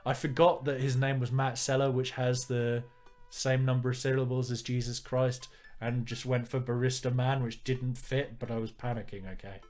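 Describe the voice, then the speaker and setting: Man narrating a visual novel on stream, wry and low-key, faint music behind. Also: flat delivery, normal speed, darkish tone. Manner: wry, joking asides. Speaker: let's player. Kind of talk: reading a visual novel aloud with commentary.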